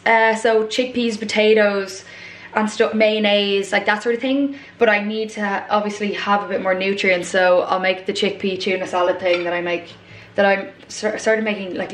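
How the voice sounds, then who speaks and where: A woman's voice: medium pitch, a little hiss or hum. A woman in her twenties with an Irish accent, rambling casually as she cooks and chats to camera. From Ireland. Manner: rambling, chatty, many fillers and asides. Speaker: vlogger. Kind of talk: casual chat while cooking. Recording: echoey room.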